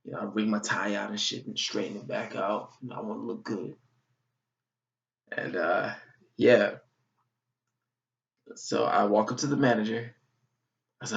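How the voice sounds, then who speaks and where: A young man from Georgia in his twenties, telling a funny story in a vlog, animated and full of swearing. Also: on the low side, measured pace, creaky, long pauses. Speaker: vlogger. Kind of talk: comic storytelling. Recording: dull, slightly distant recording.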